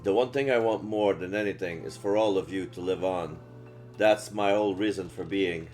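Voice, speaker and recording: A man doing a soft-spoken weary protector. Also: low-pitched, normal speed, soft background music, voice pushed down, close to an everyday voice. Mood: tender farewell. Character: gentle, self-sacrificing male protector, weary.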